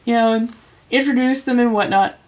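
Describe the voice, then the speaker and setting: A woman's voice: on the high side, a little fast, darkish tone. A woman in her forties telling a long personal story in casual chat, laughing often and acting out the voices of the people in it. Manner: chatty, laughs often, acts out quoted voices. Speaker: livestream host.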